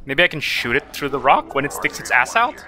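A man chatting casually while playing a game with friends, swearing and bursting into excited outbursts. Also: mid-range voice, brisk. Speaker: gamer. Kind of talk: casual gaming chat.

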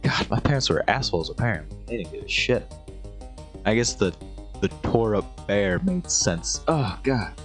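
Gaming channel host, man, sarcastic and casual, low voice, faint music underneath. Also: animated, moderate pace. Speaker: let's play gamer. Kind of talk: gameplay commentary.

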